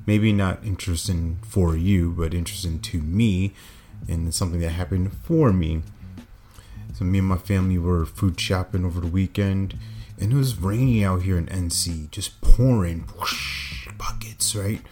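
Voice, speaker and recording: Deep-voiced male podcast host telling a story. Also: moderate pace. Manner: energetic, laughing, playful sound effects. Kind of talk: short motivational podcast storytelling.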